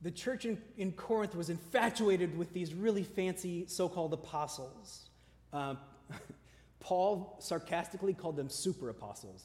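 High-voiced male pastor preaching in a hall. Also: normal speed. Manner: emphatic preaching with repeated rhetorical lists; drops to a soft conversational tone for stories. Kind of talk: sermon. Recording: long hall reverb.

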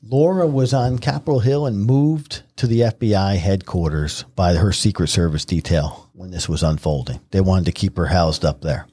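A middle-aged man from New York, a podcast guest, telling stories in a vivid, animated way. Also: sits low, normal speed, few pauses, husky. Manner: vivid, animated retelling with acted-out quotes. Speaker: guest, retired Marine helicopter pilot. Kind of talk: conversational storytelling.

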